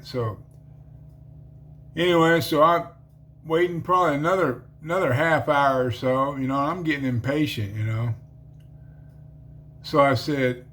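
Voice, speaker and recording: A man's voice: on the high side, moderate pace, pauses often, a bit bright. A man who is an ex-convict telling his conversion story in a casual, rambling way full of fillers. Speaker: ex-convict giving a conversion testimony.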